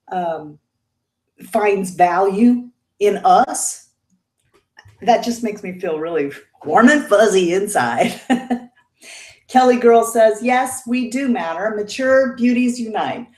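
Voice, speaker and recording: A chatty woman in her fifties hosts a casual beauty livestream, reading out viewer comments and answering them warmly. She laughs often, and her mid-pitched voice carries a noticeable room echo. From Indiana, United States. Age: 50s.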